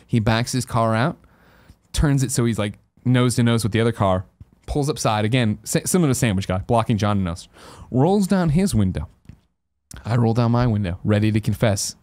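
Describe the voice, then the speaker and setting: A man's voice: lowish voice, moderate pace, a little mellow. A man in his thirties from the American Midwest, a podcast host telling a comic story with lots of laughing and swearing.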